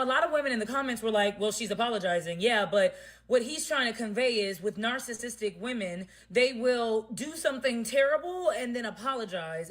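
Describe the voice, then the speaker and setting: A woman's voice: mid-range voice, fairly bright tone. A woman hosting casual commentary on online drama, blunt and laughing often as she talks. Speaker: commentary host.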